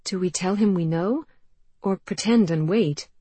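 Brief: wry young lady, dry wit, dark husky timbre, read by a woman. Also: on the low side, unhurried, no echo, voice pushed up. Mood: arch. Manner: dry, teasing. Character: witty, sharp-tongued young lady. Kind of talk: audiobook character voice.

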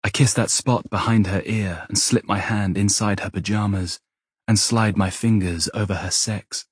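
A man narrating a first-person romance audiobook in a soft, intimate murmur. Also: on the low side, fairly even intonation, normal speed, slightly rough, no room sound, studio quality.

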